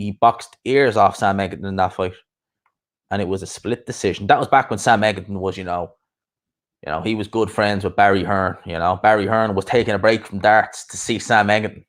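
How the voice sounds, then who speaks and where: A young man, chatting casually and rambling on a live stream as its host. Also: lowish voice. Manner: rambling, chatty, quick asides and laughs. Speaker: YouTube boxing streamer.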